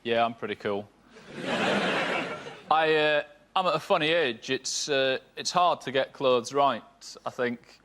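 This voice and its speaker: A man's voice: medium pitch, unhurried, long pauses, a bit bright, slight background noise. A man in his thirties doing a stand-up routine on a TV panel show, with a dry, understated delivery and hesitant fillers. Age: 30s. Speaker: comedian panelist.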